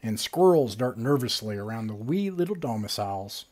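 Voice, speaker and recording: A man narrating as game master in a relaxed, casual way, with lots of fillers. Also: mid-range voice, moderate pace.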